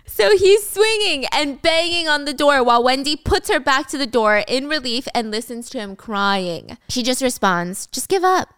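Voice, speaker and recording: Clear-voiced young woman recapping a drama. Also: high-pitched, normal speed, hardly any pauses, no room sound, studio quality. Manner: animated storytelling, casual swearing. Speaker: host.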